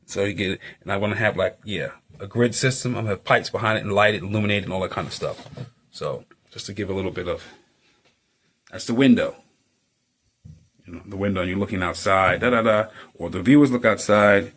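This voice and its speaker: A man's voice: fairly low pitch, a little fast, a bit bright, a little hiss or hum. A man, an artist and model builder, chatting casually at home as he works, with lots of fillers and playful little sound effects.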